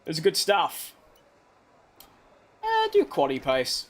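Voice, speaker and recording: High-voiced British man streaming a game. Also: huge pitch swings, slow. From Britain. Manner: chatty, self-mocking, slangy, talks to himself while playing. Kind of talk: casual gameplay commentary.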